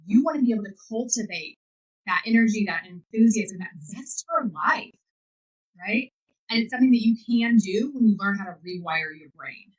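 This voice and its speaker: A woman hosting a podcast as a life coach, giving an energetic, enthusiastic motivational talk. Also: medium pitch, normal speed, breathy edge, low-quality recording. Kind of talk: motivational monologue.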